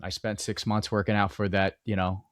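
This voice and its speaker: A man co-hosting a movie podcast, chatting in an animated, joking, self-mocking way. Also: lowish voice, moderate pace, no room sound, studio quality. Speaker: podcast co-host. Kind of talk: casual movie podcast chat.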